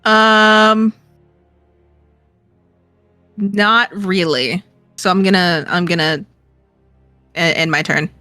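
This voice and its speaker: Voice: medium pitch, steady tone, very slow, long pauses, bright, forceful tone, no room sound, soft background music. A player pleading anxiously about a dice roll. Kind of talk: casual chat.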